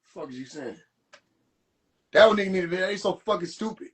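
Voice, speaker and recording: A man with a high-pitched voice rants on a phone livestream, talking to his viewers. His voice swoops up and down a lot as he mocks and curses. It is loose, profane and animated. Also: a little fast. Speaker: livestream host. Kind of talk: rant to a live audience.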